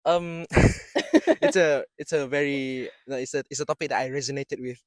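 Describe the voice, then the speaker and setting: A man's voice: mid-range voice, moderate pace, no room sound. A young man from Terengganu with a Malaysian English accent, co-hosting a casual campus chat, joking and self-deprecating with many restarts. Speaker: podcast co-host, university student.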